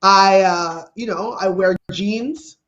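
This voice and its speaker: A woman from Canada doing a stand-up comedy set, brash and animated, acting out her own reactions. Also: mid-range voice, takes it slowly, dull audio.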